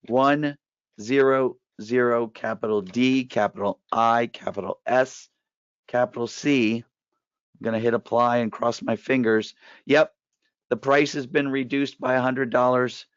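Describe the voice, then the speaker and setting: A man with a hoarse, raspy voice makes a direct, persuasive pitch for a course. The audio is dull and lo-fi, with a dry, close sound and no room around it. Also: no room sound. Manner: direct, persuasive, walks through steps. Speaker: trading course presenter. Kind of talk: promotional webinar pitch.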